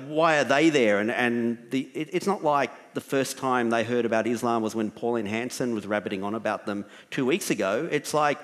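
Guy on a panel rambling through a story, lots of "like"s and restarts, mid pitch. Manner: rambling, self-correcting storytelling with many "like"s. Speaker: author on a panel. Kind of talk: casual panel talk.

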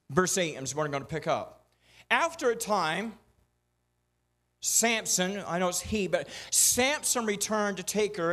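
A man's voice: high-pitched, fairly bright tone. A male pastor, preaching a folksy sermon with rhythmic repeated refrains.

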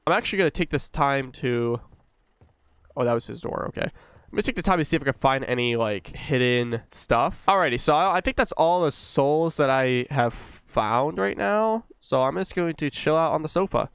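A man's voice: a little high, animated, moderate pace, a bit bright, clean tone, no room sound. A young man giving casual, profane let's-play commentary, joking and scolding the game baby. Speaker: gaming YouTuber.

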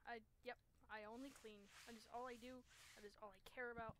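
A woman's voice: on the high side, steady tone, fairly quick, noisy background. A woman playing a horror game at home, nervous and jumpy, talking through her fear with shaky laughs. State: shaking, frightened. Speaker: gamer. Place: home gaming setup.

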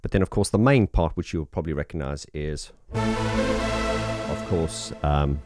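A man's voice: extremely low pitch, a little slow, darkish tone, faint music behind. A man with an early morning voice, a keyboard player walking through his setup in a casual, enthusiastic, rambling way. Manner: enthusiastic, rambling, many fillers. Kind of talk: casual demo talk.

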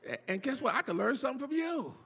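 A pastor preaching a sermon in a church, shouting and half-singing his peaks, then dropping low for quiet asides. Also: very animated, fast talker, slightly rough. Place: church sanctuary. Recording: church hall reverb with faint organ music.

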